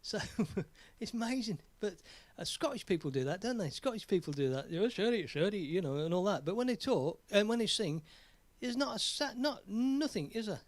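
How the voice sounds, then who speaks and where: A man's voice: sits high, lively intonation, brisk, hardly any pauses, no room sound. An English man hosting his own music live stream, chatting in a rambling, jokey way. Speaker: live stream host and singer. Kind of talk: casual live stream chat.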